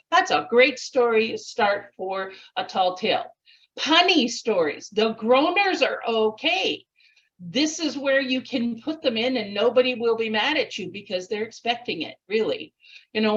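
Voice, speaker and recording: A woman's voice: medium pitch, normal speed, fairly bright tone, dull audio. A vivacious woman presenting a speech contest workshop, acting out little voices and laughs as she explains. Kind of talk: online workshop talk.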